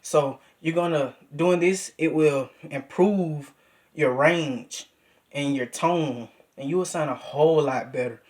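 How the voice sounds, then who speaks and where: A man's voice: fairly high pitch, slow, darkish tone. Young man coaching trumpet technique. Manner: coaching, repeats key points, counts beats aloud. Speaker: music teacher. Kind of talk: casual trumpet lesson.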